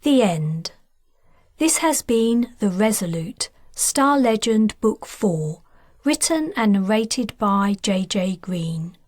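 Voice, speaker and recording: Slow, measured woman narrating an audiobook. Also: medium pitch, animated, dry recording, studio quality. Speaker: author and narrator.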